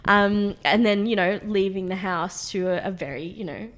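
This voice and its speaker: Interviewed informally as a guest, an Australian food magazine founder in her late twenties talks at a moderate pace with a mid-range voice. Her speech is sprinkled with ums and light laughter.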